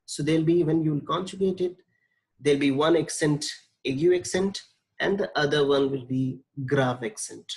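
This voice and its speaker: A man's voice: fairly high pitch, darkish tone, poor audio. A man teaching French verb conjugation from slides, patient and repetitive, spelling out letters. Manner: slow, patient, spells out letters and repeats forms. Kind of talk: slide-based grammar lesson.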